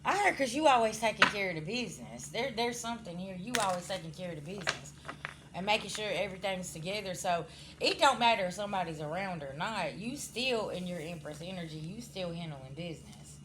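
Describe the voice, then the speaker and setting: A woman talking straight to her viewers during a spiritual reading, at a mid pitch for a woman. She scolds bluntly, swears without holding back, and keeps checking in with her listeners. A faint hum of noise sits under her voice. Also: lively intonation, fairly quick. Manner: addresses viewers directly, frequent "okay?" checks. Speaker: spiritual card reader. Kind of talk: casual spiritual reading to camera.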